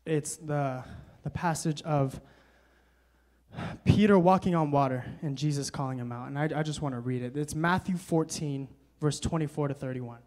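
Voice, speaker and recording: A young man preaching at a young adults service, moving between quiet reading and loud, emphatic exhortation, with casual fillers when he tells a story. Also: on the high side, moderate pace. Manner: casual, many fillers when telling stories. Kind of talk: sermon.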